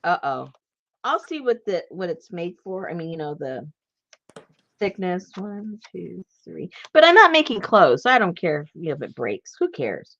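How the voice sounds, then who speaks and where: A woman's voice: fairly low pitch, sing-song, normal speed, fairly bright tone, dry recording, dull audio. A woman hosting a casual crafting chat, rambling and laughing easily as she works. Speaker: crafting channel host.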